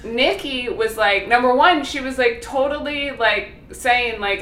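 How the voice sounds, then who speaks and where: A woman guest in casual chat, animated and laughing often as she talks. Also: on the high side, moderate pace, few pauses, echoey room, slight background noise.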